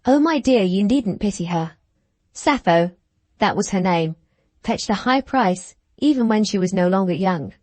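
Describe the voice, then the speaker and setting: A woman's voice: mid-range voice, expressive, a little slow, darkish tone, no room sound. A woman reading the part of a spiteful, gushing young woman with a scornful, mocking manner, in an audiobook.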